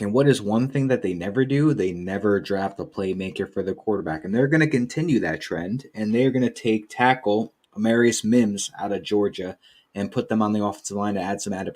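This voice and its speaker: A man on a casual sports podcast, steady and plain as he lays out his picks. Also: fairly low pitch, moderate pace. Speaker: podcast co-host.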